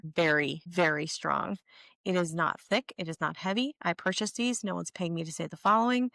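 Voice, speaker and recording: A woman in her forties talks through her makeup routine in a candid, chatty way, with plenty of self-deprecating asides. Her voice sits low for a woman. The sound is dry and close, with no room around it. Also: a bit bright, no echo. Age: 40s. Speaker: beauty vlogger. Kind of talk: casual get-ready-with-me chat.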